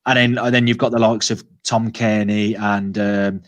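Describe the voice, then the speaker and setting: A man's voice: lowish voice, little pitch movement, moderate pace, no echo. A man hosting a football podcast, chatting casually and hesitantly with many restarts. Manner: hesitant, lots of filler and restarts. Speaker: podcast host.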